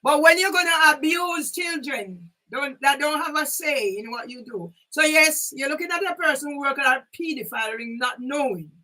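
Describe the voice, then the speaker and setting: High, bright-voiced older woman ranting. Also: expressive, normal speed, hardly any pauses. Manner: emphatic, rambling, with sudden loud outbursts. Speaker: vlogger. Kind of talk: impassioned monologue to camera. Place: sitting at home. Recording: voice a bit far from the mic.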